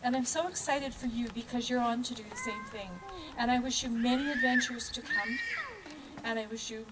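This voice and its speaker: A woman's voice: fairly high pitch, fairly even intonation, brisk. Affectionate woman addressing graduates. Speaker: guest speaker, former educator. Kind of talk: short warm address. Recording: noisy background.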